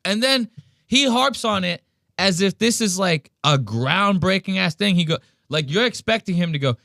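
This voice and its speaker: A male podcast host tears into a take with blunt, profane energy. His voice is bright and forceful. The sound is dry and close to the mic. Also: sits high, normal speed, creaky, no room sound. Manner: blunt, profane, animated ranting. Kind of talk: casual commentary.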